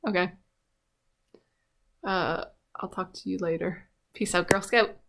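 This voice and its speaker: A woman's voice: fairly low pitch, fairly even intonation, slow pace, gravelly, a bit bright. A woman vlogging in a rambling, profane, casual monologue with lots of filler words.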